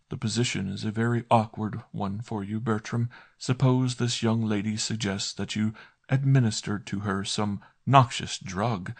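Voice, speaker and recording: A man voicing a pompous, smooth-talking older male doctor who speaks in an unctuous, oracular way in a storybook reading. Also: on the low side, voice pushed up.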